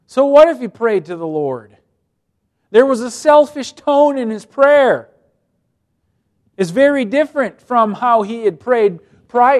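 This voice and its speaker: A man with a high voice preaching a sermon. He reads scripture aloud and explains it with strong emphasis. He rises to loud, pleading passages, then drops to quiet, low-key asides.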